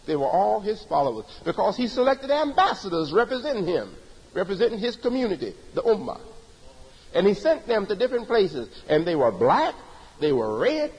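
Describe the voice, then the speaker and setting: A man's voice: high-pitched, sing-song, moderate pace, a little mellow, breathy edge, long reverb tail, poor audio. A man giving a sermon-style religious lecture, emphatic and repetitive in his preaching cadence. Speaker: religious teacher.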